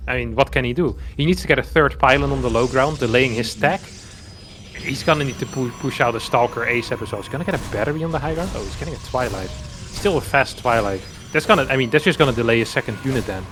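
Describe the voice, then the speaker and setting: A man casting a live esports match, chatty and swelling into excited play-by-play. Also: mid-range voice, background noise. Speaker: esports caster.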